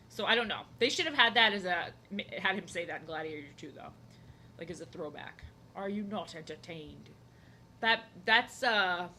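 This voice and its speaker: A woman's voice: medium pitch, pushed and bright, slight background noise. A young woman chatting casually while she draws at home, rambling from joke to joke and often cutting herself off mid-sentence. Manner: rambling, jokey, self-interrupting. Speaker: art streamer. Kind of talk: casual chat while drawing. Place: home, seated at desk.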